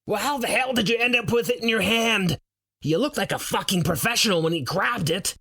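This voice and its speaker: A man voicing a high-pitched, panicky man with a Norwegian accent who yells and curses in fear. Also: very animated, unhurried, husky, dry recording, heavily acted. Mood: panicked yelling. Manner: yelling in fear.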